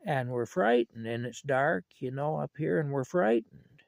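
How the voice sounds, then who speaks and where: Older guy doing a scared little kid, raised voice, halting and whiny, bit gravelly. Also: fairly high pitch, sing-song, dry recording, voice pushed up, heavily acted. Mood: frightened. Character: frightened young grandchild in a dark loft.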